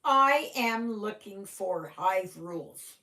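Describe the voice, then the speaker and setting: Slow, yawning woman stitching on a livestream. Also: medium pitch, animated, pushed and bright. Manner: yawning, chatty, trailing off. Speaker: cross-stitch livestream host. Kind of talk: casual chat with live viewers. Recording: echoey room.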